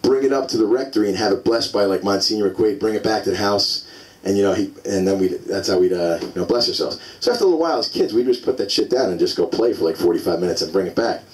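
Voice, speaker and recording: A man's voice: on the low side, animated, quick pace, recorded from a distance, poor audio. A man in his forties doing a stand-up comedy set, telling loose, rambling stories full of fillers on a club stage. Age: 40s.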